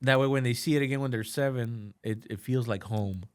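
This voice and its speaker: A man co-hosting a podcast, arguing in casual chat, jumping between loud outbursts and low mumbles. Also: fairly quick, smooth. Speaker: podcast co-host.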